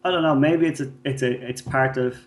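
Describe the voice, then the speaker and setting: A man's voice: mid-range voice, fairly even intonation, a little fast. A man, co-hosting a podcast and telling profane stories in casual chat, acting out the people in them. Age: 30s. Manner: swearing storyteller, acts out voices in anecdotes. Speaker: podcast co-host.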